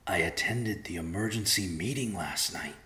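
A man's voice: sits low, normal speed, sharp tone, roomy sound. A man reading an unsure young man raised by bears. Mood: thoughtful.

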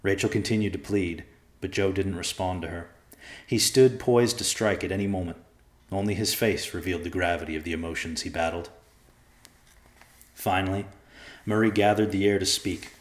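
A man with a very deep voice reads a dark story in a measured, grave way. The reading rings in an echoey room. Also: fairly even intonation. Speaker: narrator. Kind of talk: dramatic audiobook narration.

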